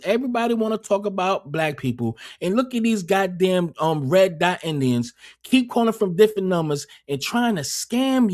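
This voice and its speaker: Profane, rambling livestream host. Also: male voice, sits high, darkish tone. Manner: profane, rambling, repeats words often. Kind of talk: casual livestream commentary.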